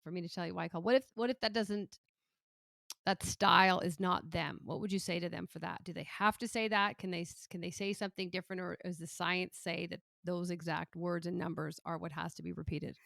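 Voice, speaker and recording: A woman's voice: fairly low pitch, fairly even intonation, brisk, creaky, fairly bright tone, dry recording, studio quality. A woman hosting an interview, thoughtful and affirming, asking follow-up questions and murmuring agreement. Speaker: podcast host. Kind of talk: conversational interview.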